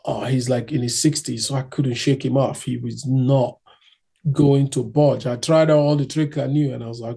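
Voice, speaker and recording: Gravelly-voiced man telling a story. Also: mid-range voice, normal speed. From Nigeria. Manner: animated, acts out other people's voices. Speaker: street singer telling his story. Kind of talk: casual storytelling.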